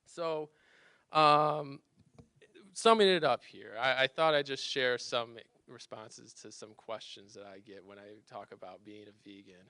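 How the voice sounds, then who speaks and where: A man's voice: mid-range voice, a little slow, pushed and bright, clean tone, no room sound. A man telling a personal story to a live audience in a chatty, self-deprecating way, often restarting his sentences. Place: campus lounge storytelling event.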